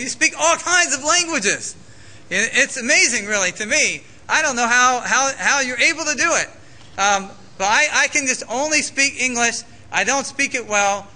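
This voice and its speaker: A man preaching a sermon as pastor, animated and conversational, with frequent "okay?" asides. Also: high-pitched, slight background noise, poor audio.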